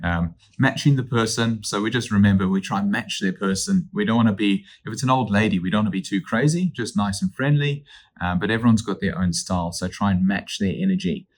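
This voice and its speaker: A man's voice: fairly low pitch, brisk. Upbeat man teaching sales calls. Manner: upbeat, energetic, acts out phone calls. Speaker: real estate agent and sales trainer. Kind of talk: instructional talk.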